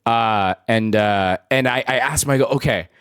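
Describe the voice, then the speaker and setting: A man's voice: mid-range voice, normal speed, a bit bright, smooth, no echo, studio quality. A man in his twenties streaming live, chatting casually with viewers and telling rambling stories with frequent laughs. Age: 20s. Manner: rambling anecdotal storytelling, laughs often.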